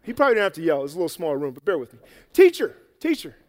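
A man telling a Bible story to children in a lively, playful way, acting it out and getting out of breath. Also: fairly high pitch, very fast, long reverb tail. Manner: energetic, playful, acts out the story. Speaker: children's preacher. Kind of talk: animated Bible story for kids. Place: church hall with an audience.

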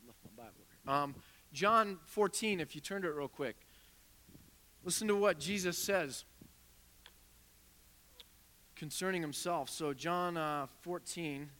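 Guy preaching in a big echoey church, bright higher voice, chatty storytelling sermon. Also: moderate pace. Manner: conversational storytelling preacher, animated retelling of dialogue. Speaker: pastor. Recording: reverberant hall.

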